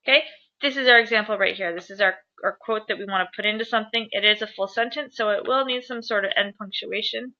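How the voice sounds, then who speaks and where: A woman's voice: medium pitch, quick pace, pushed and bright. A woman teacher explaining grammar to viewers at home in a chatty, upbeat way, asking them questions as she goes. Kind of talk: grammar lesson to camera. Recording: dull lo-fi sound.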